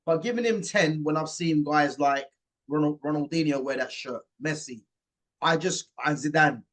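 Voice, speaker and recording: A man with a fairly high speaking pitch hosts a casual football chat. He argues his points in an emphatic, opinionated way. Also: moderate pace, a bit bright. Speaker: host.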